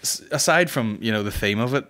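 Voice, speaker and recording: A man ranting on a comedy podcast, sweary and meandering. His voice sits at a middling pitch and his talk is loose and colloquial. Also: expressive, brisk, loud music behind the voice. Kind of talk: casual comedic rant.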